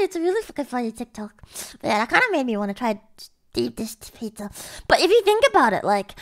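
High, lively woman streamer chatting. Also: fast talker. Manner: swears casually, breaks into loud laughter. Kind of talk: casual livestream chat, reading chat aloud.

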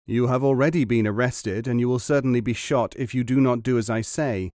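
A cold resistance leader, voiced by a male narrator, who speaks slowly and deliberately with quiet menace. The voice sits mid-range, close and dry. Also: mid-range voice, no room sound, natural voice. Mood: menacing.

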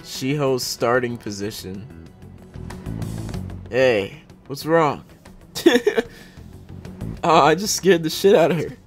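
A young man hosting a gaming channel, reacting excitedly with frequent laughter, slang and swearing. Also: mid-range voice, slow, long pauses, soft background music. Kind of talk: casual game reaction commentary.

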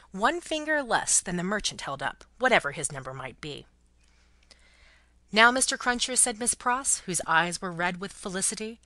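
A woman reads a classic novel aloud as expressive scripted narration. Her pitch moves in lively swings and her tone is bright and forceful. The recording is dry and close. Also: no echo. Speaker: audiobook narrator.

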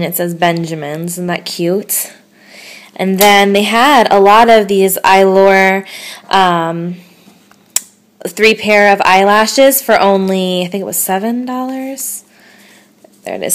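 A woman chatting casually about her shopping haul, upbeat about her bargains. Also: mid-range voice. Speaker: beauty vlogger.

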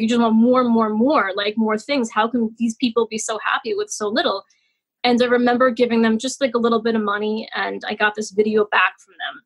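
A woman's voice: fairly high pitch, husky, rough recording. A woman in her forties, a podcast guest and children's author, telling a personal story in a chatty, emotional way with many fillers and restarts. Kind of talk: casual interview storytelling.

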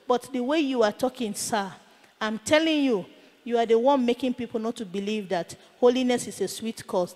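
A woman's voice: a little high, normal speed, a little mellow. A woman minister, preaching by retelling a confrontation and voicing each speaker in turn. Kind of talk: sermon storytelling. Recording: long hall reverb.

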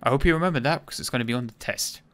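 A man's voice: mid-range voice, rapid-fire, background noise. A man streaming a game, giving casual, joking commentary that is irreverent and profane.

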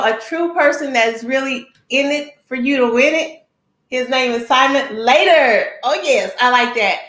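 An energetic woman hosting a talk show, with a bright, high voice. She chats in a lively way and keeps checking in with her listeners. The room around her has a noticeable echo. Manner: energetic, chatty, keeps asking "right?". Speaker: show host. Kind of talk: upbeat talk-show introduction.

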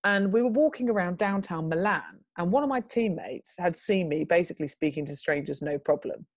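A young adult woman, a guest telling a lively story and quoting herself in loud, high bursts. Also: a little fast, dry recording, studio quality. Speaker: interview guest. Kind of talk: animated storytelling.

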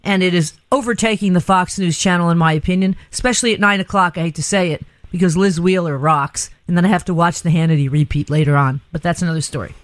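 A woman hosting a talk radio show, chatty and quick to laugh. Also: lowish voice, dry recording. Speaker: radio host. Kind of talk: casual talk radio chat.

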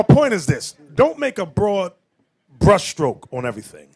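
A man preaching as a bishop in an emphatic, animated lecture style with off-the-cuff asides. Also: high voice, normal speed, husky. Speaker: bishop and teacher.

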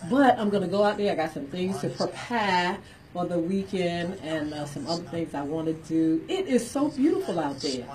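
A woman's voice: on the low side, animated, normal speed, darkish tone, low-quality recording. A woman hosting a radio show in casual banter, cheerful and exclaiming, with frequent laughter. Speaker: radio host. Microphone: studio microphone.

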